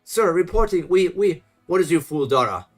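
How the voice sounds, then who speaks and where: A man voicing a flustered young navy soldier who reports in a hurried, stammering way. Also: sits high, lively intonation, soft background music, pitched above the performer's own voice. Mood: alarmed.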